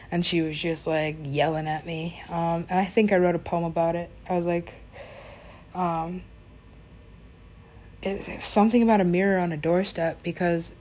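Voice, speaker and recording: Low-voiced young woman rambling through a story. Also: darkish tone. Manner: rambling, laughing, swearing, filler-heavy. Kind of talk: casual storytime.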